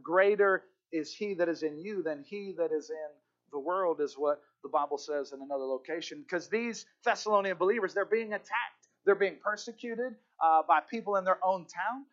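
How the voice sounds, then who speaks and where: A man preaching a sermon as pastor, fervent, repeating key phrases and slowing down to stress them. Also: high-pitched, lo-fi sound.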